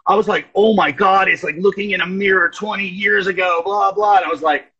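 A man's voice: high-pitched, fairly quick, husky, lo-fi sound. A man chatting casually, rambling through stories and acting out quotes with lots of fillers. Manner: rambling storyteller, animated quotes. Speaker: guest. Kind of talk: casual chat.

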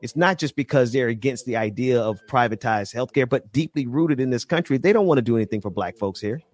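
A man's voice: mid-range voice, fast talker, no echo. Earnest man, dry mid voice. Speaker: co-host. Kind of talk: casual political chat.

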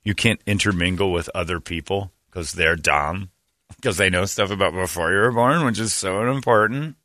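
A man's voice: low voice, normal speed, bright, forceful tone, dry recording. A man hosting a talk show, telling stories in a blunt, sarcastic way. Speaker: show host. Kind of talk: casual chat.

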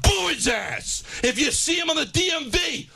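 A man hosting sports radio, delivering a loud, furious rant with shouted bursts. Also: extremely high pitch, expressive, moderate pace, creaky, faint music behind. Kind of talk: ranting sports radio talk.

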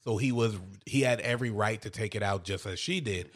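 A man's voice: lowish voice, brisk. A man in casual chat, retelling a show's scenes and swearing freely. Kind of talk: casual chat recapping a show.

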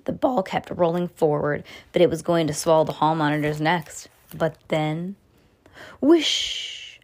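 A woman reading a children's adventure book aloud at home, with lively, expressive reading and occasional stumbles she corrects herself. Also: normal speed. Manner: expressive read-aloud with pitch jumps for dialogue; casual asides about the book. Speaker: reader.

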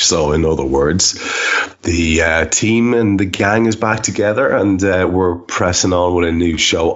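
A man's voice: low-pitched, fairly bright tone. A man hosting a podcast, rambling chat full of fillers and restarts. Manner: rambling, self-deprecating, many fillers and restarts. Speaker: podcast host. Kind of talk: casual chat. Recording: dull lo-fi sound.

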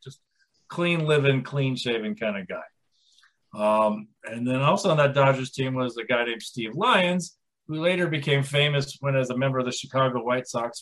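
A man's voice: medium pitch, a bit bright, poor audio. A man in his forties, co-hosting a podcast, tells a rambling story and laughs along the way. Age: 40s. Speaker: podcast co-host. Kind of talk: casual podcast chat.

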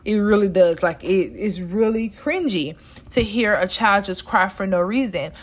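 This Southern U.S. podcast host speaks a little slowly, with an expressive, medium-pitched voice. In her casual monologue she's chatty and direct, speaking right to her audience as "y'all."

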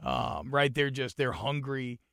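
Animated man talking college football. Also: medium pitch, measured pace, dry recording, studio quality. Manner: animated, rising to excited shouting. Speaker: podcast co-host. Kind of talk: casual sports talk.

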